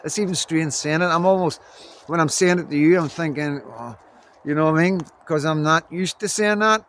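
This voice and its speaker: A man's voice: on the high side, a little fast, fairly bright tone, slight background noise. A man from Belfast with a Northern Irish accent, talking casually to the camera in a vlog and rambling with lots of "you know what I mean". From Belfast, Northern Ireland. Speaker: vlogger. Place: indoors in Scotland.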